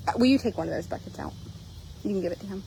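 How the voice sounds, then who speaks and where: A woman's voice: medium pitch, expressive, racing, gravelly, dark tone, a little hiss or hum. A woman hosting a casual vlog, chatting animatedly and swearing freely while filming horses outdoors on a handheld phone. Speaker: horse trader and channel host. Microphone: handheld phone camera.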